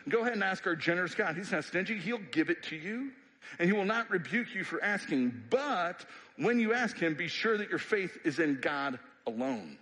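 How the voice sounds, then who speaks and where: A man preaching a sermon as pastor, conversational and emphatic, climbing into animated bursts. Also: medium pitch. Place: church sanctuary. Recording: long reverb of a church hall.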